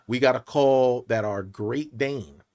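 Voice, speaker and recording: A man in his late forties, a podcast guest telling stories in an animated way, acting out the voices of the people in them. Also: medium pitch, slow. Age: late 40s. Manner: lively, acts out quotes in big jumps of voice. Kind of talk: animated storytelling interview.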